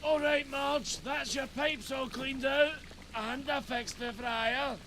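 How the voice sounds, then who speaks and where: A man voicing a cheeky, gruff Scottish repairman in a video game, brisk and chummy. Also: extremely high pitch, fairly even intonation, sharp tone, slight background noise, heavily acted.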